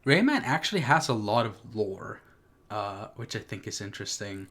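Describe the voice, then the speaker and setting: A man's voice: fairly low pitch, very animated, moderate pace, a bit bright. A man giving casual, joking commentary while streaming a video game. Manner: chatty, laughs at own jokes, nostalgic.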